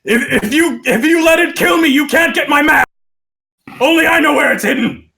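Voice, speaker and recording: A man voicing a greedy, panicky male dwarf captive who shouts in a shrill, frantic voice. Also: expressive, normal speed, gravelly, exaggerated voice.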